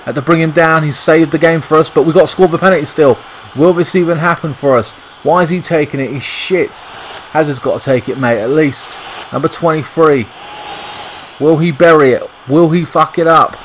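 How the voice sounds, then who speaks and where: A man's voice: fairly high pitch, moderate pace, slight background noise, rough recording. A young British man giving frustrated, swear-heavy commentary over a football video game. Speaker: gaming YouTuber. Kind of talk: gameplay commentary.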